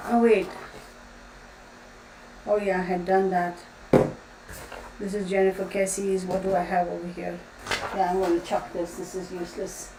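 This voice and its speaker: A woman's voice: fairly low pitch, little pitch movement, moderate pace, long pauses, recorded from a distance. A woman hosting a casual tarot livestream, chatting and rambling as she reads out viewers' comments. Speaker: tarot reader livestream host. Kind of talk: casual chat with live viewers. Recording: echoey room, voice off the mic, faint room noise.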